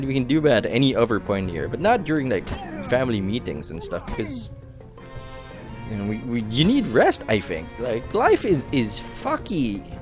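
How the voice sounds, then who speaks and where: A tired young man hosting a let's play, rambling casually through tangents and swearing now and then, with faint music behind. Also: medium pitch. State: tired, late night. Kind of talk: casual gameplay commentary.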